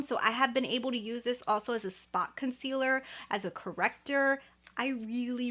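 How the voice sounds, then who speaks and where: A young woman with a somewhat high voice reviews beauty products straight to camera in a chatty, enthusiastic way. She often doubles words for emphasis. The sound is a camera mic in a room at home. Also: fairly bright tone. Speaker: beauty vlogger.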